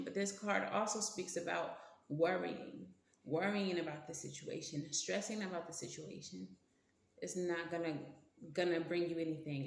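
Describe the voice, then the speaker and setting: A woman's voice: on the low side, creaky, a little hiss or hum. A woman giving a casual tarot reading, blunt and slangy, cursing freely and talking to her cards. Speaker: tarot reader. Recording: roomy echo.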